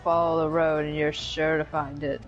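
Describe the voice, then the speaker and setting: A woman's voice: sits low, little pitch movement, moderate pace, highs cut off, soft background music, pitched below the performer's own voice, lightly acted. A woman reading a male video game character's directions aloud in her own voice. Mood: deadpan.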